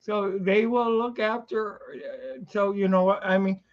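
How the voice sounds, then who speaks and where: A man hosting a casual live chat, excitable and quick to laugh, stumbling and repeating his words. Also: sits high, lo-fi sound. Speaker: podcast host.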